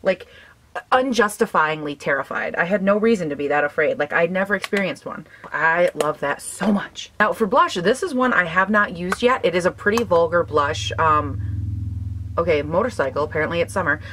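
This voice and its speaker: A woman's voice: on the low side, lively intonation, normal speed, fairly bright tone, slight background noise. A young woman in her twenties chatting casually while doing her makeup, filling her talk with "like" and "um" and laughing often. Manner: chatty, giggly, lots of "like" and "um". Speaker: beauty vlogger.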